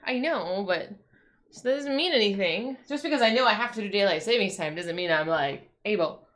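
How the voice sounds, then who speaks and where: A woman's voice: mid-range voice, lively intonation, brisk, a bit bright. A woman streamer chatting casually at home, ranting in exasperation, swearing and restarting her sentences. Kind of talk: casual livestream chat.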